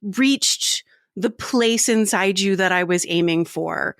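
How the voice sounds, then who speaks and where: A woman guest author and sex educator speaking in a podcast interview, talking in an animated way and filling her speech with "like". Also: medium pitch, takes it slowly, no echo, clean studio sound.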